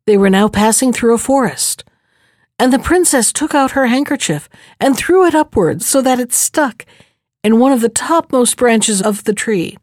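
Woman, fairy tale reading, measured, higher voice, dry. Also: animated, a little mellow, dry recording. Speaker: storyteller.

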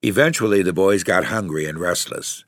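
A man reading a literary short story aloud in a measured way, lifting his voice for the characters' lines. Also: low voice, lively intonation, dry recording, clean studio sound. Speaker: narrator.

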